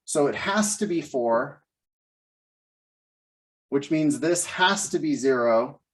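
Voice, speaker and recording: A man's voice: on the high side, expressive, slow. A man leading a live test-prep class, thinking aloud step by step in a casual way. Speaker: LSAT teacher.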